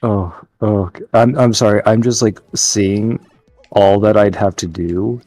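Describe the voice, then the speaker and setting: Brief: low-voiced guy, halting and filler-heavy, dry close sound with faint music. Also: steady tone, darkish tone, dry recording. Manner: hesitant, filler-heavy, mumbling. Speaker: co-host. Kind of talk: casual gameplay chat.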